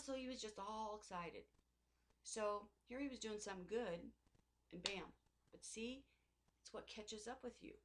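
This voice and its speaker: A middle-aged woman talking in a personal faith vlog, rambling and emotional, with many restarts and asides. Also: medium pitch. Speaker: Christian vlogger.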